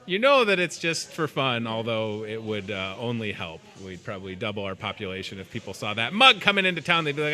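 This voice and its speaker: Bright joking male local TV host. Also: a little high, expressive, a little fast, hardly any pauses. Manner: joking, self-mocking, chatty. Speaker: store TV show host. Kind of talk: live local TV chat.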